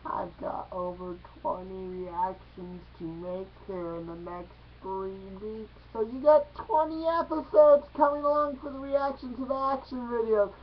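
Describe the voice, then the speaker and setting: A young vlogger hosting a casual reaction video, excitable and jokey, breaking into squeals and silly voices. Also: medium pitch, a little slow, few pauses, a little hiss or hum. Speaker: YouTube reaction video host. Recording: muffled lo-fi recording.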